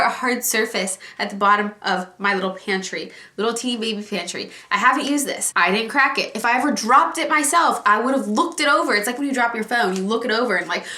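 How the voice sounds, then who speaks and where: A woman vlogger chatting casually to viewers at home, animated and ranting about a pet peeve. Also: fairly high pitch, a little hiss or hum. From Alaska. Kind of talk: casual vlog chat. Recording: echoey room.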